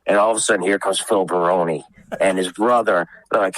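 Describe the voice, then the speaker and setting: A man's voice: low voice, steady tone, fast talker, fairly bright tone, no echo, poor audio. A man co-hosting a podcast, telling profane stories in casual chat. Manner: profane, laughing anecdote-teller. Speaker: podcast co-host.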